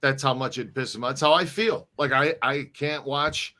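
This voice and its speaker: Co-hosting a relaxed live stream, a middle-aged man talks at a moderate pace in a mid-range voice that sounds pushed and bright. His speech wanders, with frequent restarts and repeated words.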